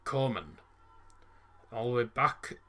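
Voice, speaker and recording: Bright-voiced British lad commentating live. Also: male voice, medium pitch, expressive, measured pace. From United Kingdom. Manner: chatty, reads out viewer comments and answers them. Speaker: live stream football commentator. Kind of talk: casual live match commentary and viewer chat.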